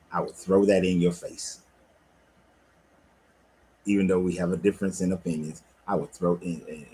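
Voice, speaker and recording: Low-voiced profane man talking shop. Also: a little hiss or hum, rough recording. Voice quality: laid-back, profane, animated storytelling. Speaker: life coach and cigar lounge owner. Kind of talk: casual livestream talk. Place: his cigar lounge.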